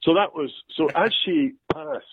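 An older Scottish man, an actor, telling self-deprecating stories in a relaxed interview. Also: a little high, unhurried, breathy edge, dry recording. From Scotland. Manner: storytelling, self-deprecating, quotes others in lively voices. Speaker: actor guest. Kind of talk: anecdotal interview chat. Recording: dry tinny phone-like line.

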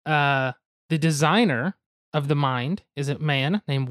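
Give me a young man casually explaining game rules, medium-pitched, recorded dry and close. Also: steady tone, moderate pace, a bit bright, no room sound. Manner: goofy asides, hedging, explains rules step by step. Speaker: podcast host explaining board games.

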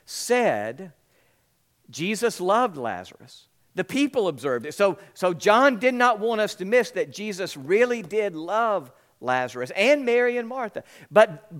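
A man's voice: fairly high pitch, a bit bright. A man preaching a sermon as pastor, emphatic and repetitive, acting out the people in the story.

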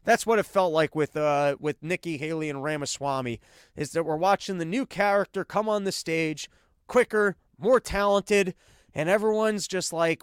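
A man's voice: on the high side, moderate pace, clean tone, no room sound, clean studio sound. A man hosting a political podcast, reading news items and riffing on them in an irreverent, sarcastic, rambling way. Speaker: podcast host. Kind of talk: casual political commentary.

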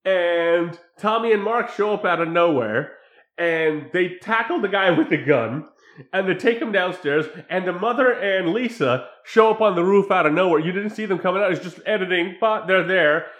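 A man casually recapping a film's plot, animated, often acting out quoted lines. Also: high voice, normal speed, echoey room. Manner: animated retelling with acted quotes. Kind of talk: casual film recap chat.

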